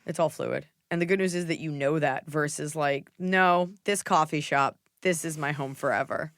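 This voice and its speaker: A middle-aged woman hosting a podcast, giving blunt, jokey advice in a casual, animated way. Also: low voice, normal speed, no echo, studio quality. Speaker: podcast host.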